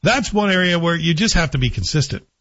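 A man's voice: a little high, expressive, fairly quick, a bit bright, dry recording, highs cut off. A man giving a sardonic political commentary monologue, firing rhetorical questions at the listener. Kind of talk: opinionated monologue.

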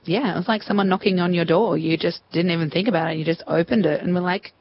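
Gravelly Australian woman telling her story. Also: lowish voice, fast talker, highs cut off, slight background noise. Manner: chatty, acts out remembered dialogue. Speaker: interview guest. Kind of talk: candid storytelling interview.

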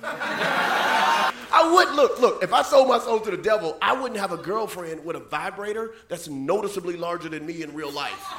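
High gravelly comedian. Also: male voice, expressive, normal speed. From Southern United States. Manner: punchy, repeats "you know what I'm saying", bursts into shouts. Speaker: stand-up comedian. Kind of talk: stand-up comedy. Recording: echoey club with loud audience noise.

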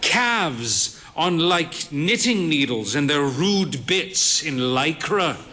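A man's voice: fairly high pitch, lively intonation, slow pace, noisy background. A man voicing a thin, fey man in his fifties with a flamboyant, jokey way of talking. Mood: merry. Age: 50s. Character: fey thin man in late middle age, merry and flamboyant.

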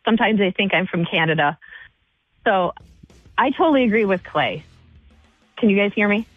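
A woman's voice: mid-range voice, lively intonation, normal speed, no room sound. Earnest woman caller on a phone line. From Michigan. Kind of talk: call-in radio talk. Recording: phone-line call with faint music.

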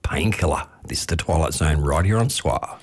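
A man with an Australian accent hosting a radio request show, relaxed and chuckling as he reads out requests. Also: very deep voice, brisk, very noisy. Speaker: radio host. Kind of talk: casual radio chat.

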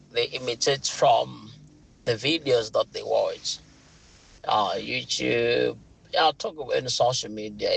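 A man's voice: mid-range voice, vocal fry, a bit bright, slightly rough, rough recording. A man from Malawi calling in to a radio show, speaking earnestly about accents. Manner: earnest, repeating himself. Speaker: caller. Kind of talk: phone-in call.

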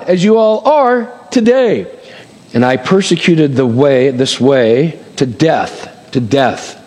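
A man's voice: high-pitched, darkish tone, big-room sound. A man preaching a sermon, reading scripture aloud and acting out the voices with dramatic swings and chuckles. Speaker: pastor.

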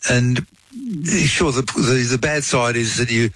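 A man's voice: medium pitch, slow, a bit bright, dry recording, poor audio. A man explaining a medical topic in conversation, telling a case story with frequent "you know" asides. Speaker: guest explaining science.

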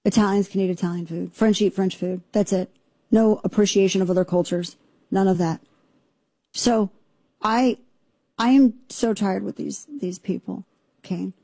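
A woman's voice: medium pitch, fairly even intonation, normal speed, long pauses, dark tone, no room sound. A woman hosting a talk radio show, delivering an indignant, sarcastic, rambling monologue into a studio microphone.

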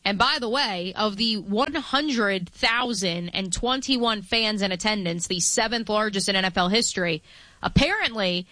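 Bright playful woman radio co-host. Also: mid-range voice, no echo. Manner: chatty, playful, quick asides. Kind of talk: casual sports talk banter. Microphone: studio mic.

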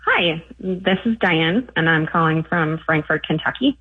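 A woman from northern Minnesota calls into a radio show over a tinny phone line. Her voice is low for a woman and husky, and she tells her story in a chatty way with fillers. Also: expressive, a little slow. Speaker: caller.

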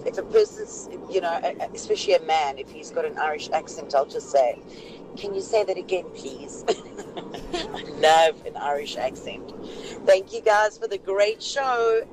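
A woman's voice: low-pitched, sing-song, moderate pace. A woman calling in with a voice note from a car, gushing about a favorite thing. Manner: dreamy and gushing. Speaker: caller. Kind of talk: voice note to a radio show. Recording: voice note with street noise.

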